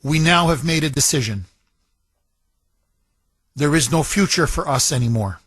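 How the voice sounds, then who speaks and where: A man hosting a talk radio show, reading a listener's letter aloud with slow, emphatic delivery and repeated lines for weight. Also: a little high, lively intonation, fairly bright tone, breathy edge, no room sound.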